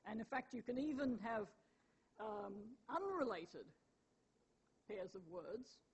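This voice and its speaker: A woman's voice: fairly high pitch, lively intonation, takes it slowly, darkish tone, breathy edge. An older woman lecturing to a hall audience in a conversational way, with restarts, fillers and playful asides. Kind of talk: public lecture. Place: lecture theatre.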